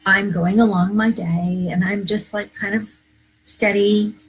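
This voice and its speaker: A woman's voice: medium pitch, steady tone, a little slow, a little hiss or hum, rough recording. A woman minister hosting a live inspirational talk, earnest and coaching, repeating key phrases to her viewers. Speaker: minister and live show host.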